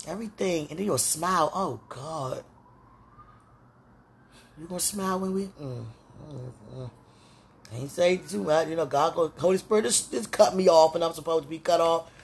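A woman's voice: sits low, a little hiss or hum. Woman musing intimately, rambling and prayerful. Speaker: podcaster. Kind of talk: casual spoken monologue.

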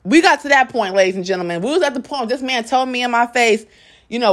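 Fast and on the high side, this young woman vlogger recounts a personal story to her audience with blunt candor and profanity. She tells it dramatically, acting out people's quotes.

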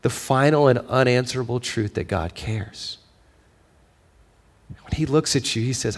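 A male pastor giving a sermon, moving between quiet storytelling and raised, emphatic preaching, with a conversational habit of asking "right?". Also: medium pitch, a little slow, pauses often. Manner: conversational, with fillers and frequent "right?".

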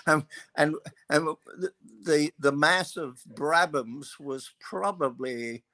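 An older man, a guest who was formerly a racing mechanic, spins loose anecdotal stories in a fairly high, sharp-toned voice. He's unhurried and loose, his speech full of "uh" and "um," and the recording is dry.

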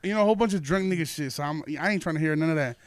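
Young male podcast host, slightly high and smooth voice, dry close sound; loose, profane storyteller. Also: very fast, dry recording. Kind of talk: casual storytelling chat.

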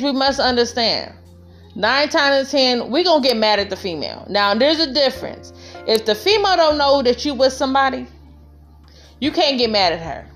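In a casual, heartfelt vlog monologue, a woman with a medium-pitched voice gives relationship advice. She tells her own story emphatically and speaks directly to other women.

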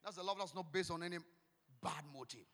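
A man's voice: high-pitched, a little fast. Fiery Ghanaian man preaching. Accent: Ghanaian English. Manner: fiery, shouting, repeats declarations. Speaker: pastor. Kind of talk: sermon. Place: church hall. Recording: long echoing hall.

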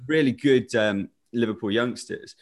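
A man's voice: medium pitch, moderate pace. Young male, jokey storyteller, casual podcast talk. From England. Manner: rambling anecdotes, jokey. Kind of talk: casual chat.

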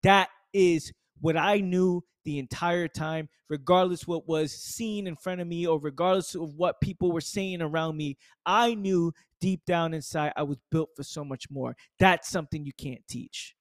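Young male motivational podcast host: fairly high voice, emphatic and repetitive, swears a lot, very dry close sound. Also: moderate pace, few pauses, no echo.

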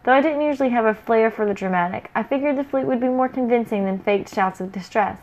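A woman's voice: a little high, fast, a little mellow, muffled recording. Woman narrating a fantasy adventure. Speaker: storyteller. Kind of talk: first-person fantasy story narration.

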